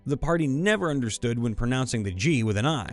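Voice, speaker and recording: A man narrating listener stories about tabletop games in a playful, expressive way. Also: medium pitch, fast, faint music behind. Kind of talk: reading tabletop game anecdotes aloud.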